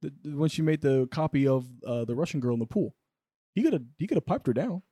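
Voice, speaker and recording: A man's voice: on the high side, big pitch swings, fast talker, mellow, dry recording, studio quality. A man co-hosting a casual comedy podcast, rambling and laughing often as he jokes. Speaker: podcast co-host.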